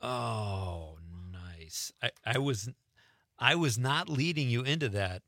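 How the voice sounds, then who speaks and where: A man's voice: mid-range voice, lively intonation, slow, sharp tone, no echo, clean studio sound. A man hosting a radio show in casual chat, talking loosely and laughing easily. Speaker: radio host.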